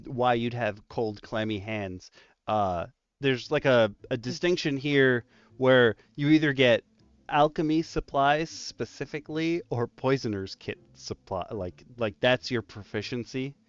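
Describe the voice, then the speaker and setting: A man co-hosting a casual roundtable chat, telling stories in an animated way and laughing often. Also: mid-range voice, a little slow, smooth, dry recording, highs cut off. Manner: animated storyteller, laughs a lot. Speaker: dungeon master co-host.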